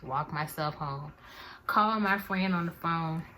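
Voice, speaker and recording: A woman's voice: low-pitched, slow, bright, forceful tone, a little hiss or hum. A young woman in her twenties, chatting animatedly to viewers in a slangy storytime vlog. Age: 20s. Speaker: vlogger.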